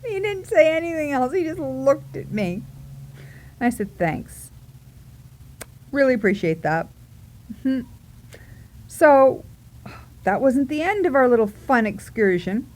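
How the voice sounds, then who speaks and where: A woman telling a funny story from her own life, chatting at an unhurried pace in a slightly high voice. She keeps giggling and acts out her own reactions as she goes. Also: animated, darkish tone. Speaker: vlogger. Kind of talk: casual storytelling.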